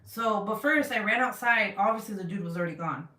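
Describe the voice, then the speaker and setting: A woman's voice: medium pitch, brisk. Chatty woman, roomy and far from mic. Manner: animated, laughs often, swears casually. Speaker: vlogger reading live chat. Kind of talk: casual storytelling livestream. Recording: roomy sound, mic set back.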